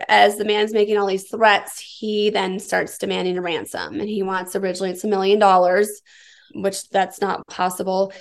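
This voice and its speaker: A woman's voice: medium pitch, steady tone, normal speed, vocal fry. A middle-aged woman from the United States, an interviewee tensely and vividly retelling a personal ordeal. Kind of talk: personal account.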